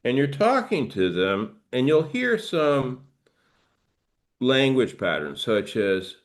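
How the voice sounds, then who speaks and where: Man, middle-aged, trauma therapist, guided movement lesson, slow gentle delivery, mid-range voice. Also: mid-range voice, sing-song. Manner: slow, gentle, explanatory, acts out reactions.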